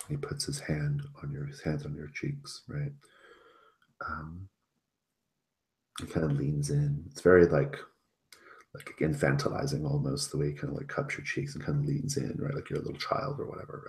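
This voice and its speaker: Very deep-voiced male game master. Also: little pitch movement, moderate pace, creaky, pauses often, darkish tone. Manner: casual, filler-heavy, often asks "right?". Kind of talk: narrating a tabletop role-playing game.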